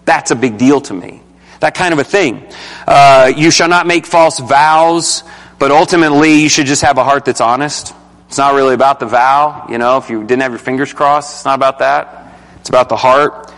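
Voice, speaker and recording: A man's voice: mid-range voice, normal speed, a bit bright, in a large hall. Emphatic man leading a Bible study. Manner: casual, emphatic, asks the group questions.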